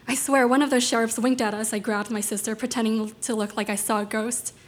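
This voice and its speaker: Woman, fairly high voice, reading a story aloud, animated narration, voices the dialogue. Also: brisk.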